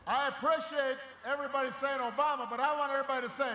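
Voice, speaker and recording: A man's voice: very high voice, fairly even intonation, rapid-fire, hardly any pauses, sharp tone, echoey room, a little hiss or hum. A man giving a rousing campaign speech at a rally, raising his voice over the crowd. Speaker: political speaker at a rally. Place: large rally venue.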